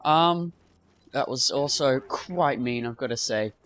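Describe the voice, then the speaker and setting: A man's voice: mid-range voice, takes it slowly, a bit bright. A young man telling a rambling school story while commentating on gameplay, full of fillers and asides. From half British. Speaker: gaming commentator. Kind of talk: casual storytelling over gameplay.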